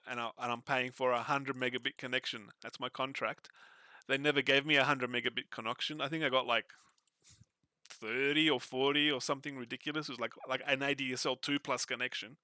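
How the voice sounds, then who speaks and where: Man, middle-aged, casual chat, cursing, stumbling restarts, bright, dry. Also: medium pitch, clear, resonant tone, dry recording. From Australia. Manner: animated, swearing, repeats and restarts words. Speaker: streamer.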